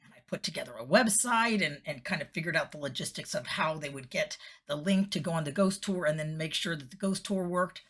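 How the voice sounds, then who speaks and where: Woman, middle-aged, former host, casual vlog chat, laughs a lot, husky, low. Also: brisk, hardly any pauses, a bit bright. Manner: chatty, laughs often, slips into whispery quoted voices. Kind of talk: casual personal vlog talk.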